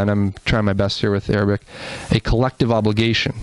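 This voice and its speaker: A man's voice: fairly low pitch, little pitch movement, fast talker, few pauses, clear, resonant tone, low-quality recording. A man giving an earnest presentation in a church, explaining with asides and restarts. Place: church hall.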